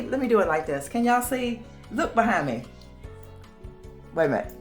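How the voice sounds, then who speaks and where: A woman's voice: mid-range voice, animated, normal speed, faint music behind. Chatty woman vlogging in an echoey kitchen. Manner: chatty, addresses viewers as y'all. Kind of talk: casual home vlog chat. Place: home kitchen, indoors. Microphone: handheld phone camera.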